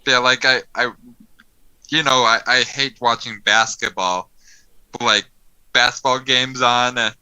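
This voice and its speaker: An easygoing young man co-hosting a casual podcast, mostly agreeing and laughing along. His voice is very bright and sharp-edged, with a smooth, clean tone at an ordinary pitch. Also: steady tone, a little slow, pauses often, poor audio. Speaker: podcast co-host. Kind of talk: casual chat while gaming.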